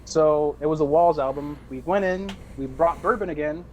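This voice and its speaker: High-voiced young man rambling a story. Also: moderate pace, a little hiss or hum. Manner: rambling, laughing storyteller with profanity and restarts. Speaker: podcast co-host. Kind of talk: casual storytelling.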